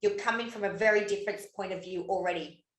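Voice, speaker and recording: A woman's voice: medium pitch, fast, fairly bright tone, echoey room, rough recording. A woman co-hosting a podcast in casual chat, who swears freely and laughs often. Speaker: podcast co-host.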